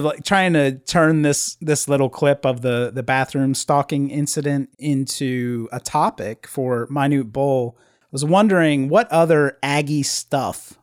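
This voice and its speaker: Laid-back man hosting a podcast. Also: medium pitch. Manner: relaxed, laughs often, halting restarts. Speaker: podcast host. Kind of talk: casual chat.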